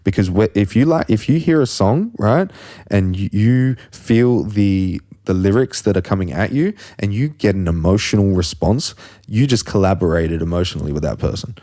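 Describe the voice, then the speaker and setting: A man with a fairly low voice hosts a casual podcast conversation. He rambles and philosophizes, stopping to search for words and swearing freely. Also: animated, normal speed, dark tone. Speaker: podcast host.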